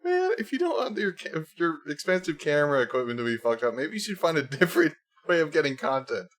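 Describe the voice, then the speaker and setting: A man's voice: on the high side, sing-song, fast, fairly bright tone, soft background music. A man streaming live, reacting to a video with mocking, profane commentary and frequent laughter.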